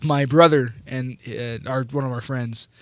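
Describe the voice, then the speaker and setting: A man's voice: mid-range voice, fairly even intonation, a little slow, a bit bright, no echo. A young man who is a guest on a student radio show, chatting easily and often restarting and repeating words. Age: young adult. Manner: easygoing, repeats words, frequent "yeah". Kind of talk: casual chat.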